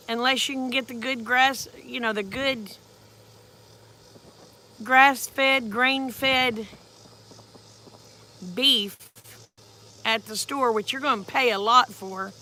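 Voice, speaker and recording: A woman's voice: a little high, pushed and bright. A woman, chatting folksily about her farm in a casual storytelling vlog. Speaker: farm vlogger.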